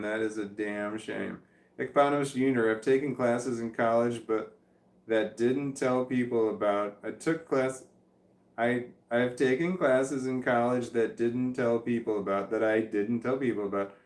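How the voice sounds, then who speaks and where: A man casually reading viewer comments aloud on a stream at home, halting, repeating words and stumbling over names as he goes. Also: mid-range voice, roomy sound. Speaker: vlogger reading chat comments. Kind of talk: casual livestream chat. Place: indoors at home with his dog. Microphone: webcam.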